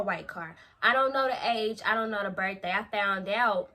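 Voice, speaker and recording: A young woman vlogger telling a storytime in a lively, slangy way, acting out quotes. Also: mid-range voice, moderate pace, few pauses. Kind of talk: storytime vlog.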